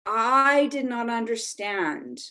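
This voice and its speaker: Woman guest, fairly high voice, lively storyteller, checks in with "right?". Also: slow pace. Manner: animated storyteller, tags "right?". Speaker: brand expert guest. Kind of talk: conversational interview.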